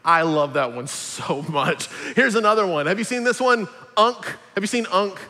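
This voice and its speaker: A pastor, preaching an upbeat, jokey sermon. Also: male voice, sits high, expressive, moderate pace, pushed and bright, in a large hall. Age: 40s.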